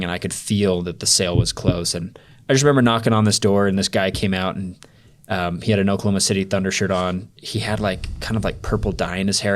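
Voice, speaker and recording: A young man, a podcast guest, telling a personal story in a loose, rambling way full of "like" fillers. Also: low voice. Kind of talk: storytelling in a casual interview.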